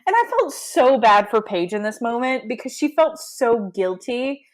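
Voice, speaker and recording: Woman, podcast co-host, casual book recap, chatty, indignant asides, slightly high voice. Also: animated, moderate pace. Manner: chatty, indignant asides, retells scenes with quoted lines.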